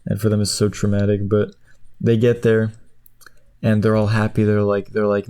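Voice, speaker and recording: A man rambling through the plot of a movie while clicking away, jumping into high squeaky voices for the characters. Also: monotone, normal speed, dark tone, smooth. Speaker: streamer. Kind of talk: casual chat while clicking.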